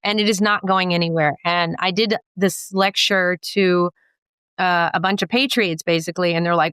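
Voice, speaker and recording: A woman optometrist and professor explaining eye science in a jokey, teacherly way, full of quick asides and wordplay. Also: lowish voice, fairly even intonation, a bit bright, clean tone, no room sound. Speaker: optometrist and professor giving a guest lecture. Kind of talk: playful explanatory talk to a host.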